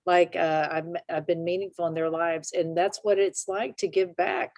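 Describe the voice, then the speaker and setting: Lady host gushing over her guest, lowish voice, dead dry sound. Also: steady tone, moderate pace, darkish tone, no room sound. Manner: effusive and encouraging, laughs easily. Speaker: talk show host. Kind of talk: warm interview chat.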